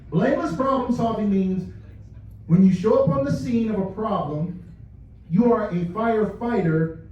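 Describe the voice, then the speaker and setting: A company leader with a high voice gives a motivational culture talk to a live audience, telling stories, speaking straight to the crowd and laughing at his own anecdotes. The distant mic picks up a dull, echoey room sound.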